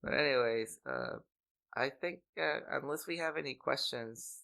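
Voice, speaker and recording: A man co-hosting a laid-back podcast, his voice gravelly with a bit of fry. He sits at a middling pitch, stumbles and repeats himself, and breaks into laughter often. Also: moderate pace, sharp tone. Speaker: podcast co-host. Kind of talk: casual podcast banter.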